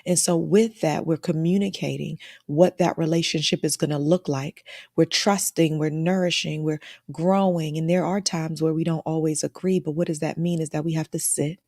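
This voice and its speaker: Low gravelly woman giving a motivational talk. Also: steady tone, moderate pace, dry recording, studio quality. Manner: warm, encouraging, emotional, often asking "right?". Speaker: host of a live online talk. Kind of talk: motivational live-stream talk, reading out chat comments.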